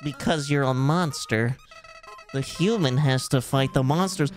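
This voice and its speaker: A man's voice: mid-range voice, measured pace, faint music behind, lightly acted. A man putting on a sly two-faced flower.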